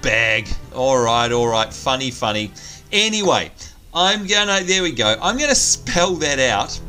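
A man hosts a let's play in a bright, lively voice that swoops up and down. He chats and jokes freely as he plays, with faint music under him. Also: medium pitch, a little slow. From Australia. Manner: chatty, jokey, thinks aloud. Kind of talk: casual gameplay commentary.

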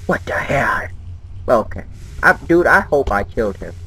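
Nervous slow-talking man playing a game. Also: mid-range voice, sing-song, vocal fry, pushed and bright, husky. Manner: jumpy, nervous, talks to himself. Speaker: gamer. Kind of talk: let's play commentary. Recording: noisy home game recording.

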